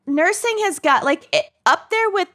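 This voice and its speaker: A woman co-hosting a podcast, enthusiastic and quick to laugh. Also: very high voice, expressive, fairly bright tone. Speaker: podcast co-host. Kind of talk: casual chat.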